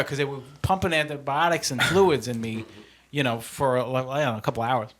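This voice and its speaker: A man casually telling a story on a podcast, animated and profane, laughing often. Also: fairly high pitch, normal speed. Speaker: podcast co-host.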